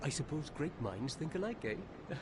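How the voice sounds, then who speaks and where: A lilting Welsh merchant. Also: male voice, a little high, very animated, a little slow, background noise. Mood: wry, friendly. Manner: cheerfully wry, chuckles after remarks. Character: genial male traveling merchant, sly and chatty.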